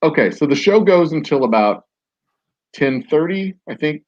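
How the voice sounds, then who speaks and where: A podcast host rambles through a casual story, filling it with "like"s and restarts. His voice is fairly high with lively intonation and normal speed, and the recording is muffled.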